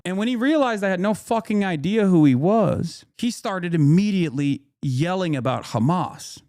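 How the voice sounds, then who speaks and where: A man's voice: sits high, animated, normal speed, few pauses, darkish tone, dry recording, studio quality. A man in his thirties streaming a profane, angry rant, retelling a run-in and quoting people in raised voices. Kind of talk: profane ranting commentary.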